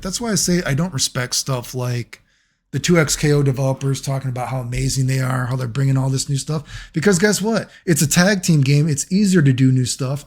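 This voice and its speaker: Husky gaming youtuber guy, rambly and sarcastic, cusses a lot. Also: mid-range voice, darkish tone. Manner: rambling, sarcastic, swears freely. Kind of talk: casual commentary.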